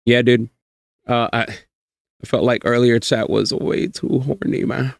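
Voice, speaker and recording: A man's voice: mid-range voice, fairly even intonation, a little slow, gravelly, no room sound, studio quality. A man streaming a visual novel, reading its lines aloud and joking in laid-back chat.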